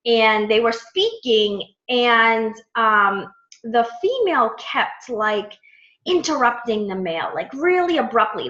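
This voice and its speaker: A woman in her thirties telling a story to her coaching team in a chatty, animated way, full of quoted dialogue. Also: fairly high pitch. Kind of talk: casual storytelling talk to a team. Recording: echoey, dull lo-fi room sound.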